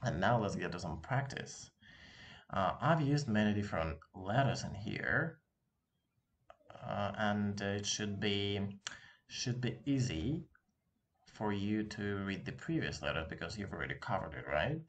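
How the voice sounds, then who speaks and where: A native Russian speaker with a Russian accent teaches a casual online language lesson, patiently repeating words for practice. His lowish voice is expressive and a little slow, and street noise drifts in through an open window.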